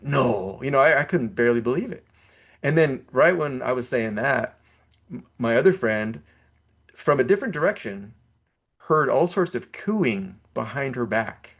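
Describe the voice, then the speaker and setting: An older man chats as a podcast guest, spinning a story in a loose, casual way. He laughs often, trips over his words and restarts, fills the gaps with 'you know', and jumps into acted-out quotes. His voice sits at an ordinary pitch. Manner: animated, laughs often, acts out quoted lines.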